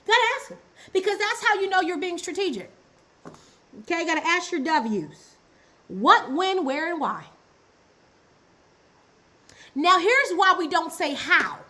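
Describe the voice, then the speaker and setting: A very high, sing-song woman's voice, pushed and bright, comes through a rough livestream recording at normal speed. She is teaching business and ministry, going back over key phrases and prompting viewers to type answers in the chat.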